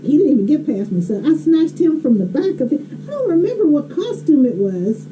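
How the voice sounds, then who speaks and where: A woman's voice: high voice, big pitch swings, fairly quick, warm tone. A woman telling a story in a blunt, emphatic way, laughing often. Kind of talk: casual storytelling. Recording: slightly dull, faint hiss.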